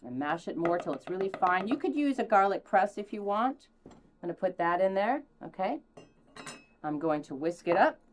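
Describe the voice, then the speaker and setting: A woman hosting a casual cooking demonstration, chatty and theatrical, now and then dropping mock French phrases with high, excited exclamations. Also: normal speed, slight background noise. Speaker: cooking show host.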